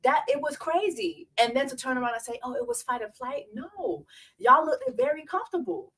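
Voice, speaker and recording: A woman's voice: sits high, fairly quick, a little hiss or hum. A woman hosting a live stream, reacting to clips with sarcastic, emphatic commentary.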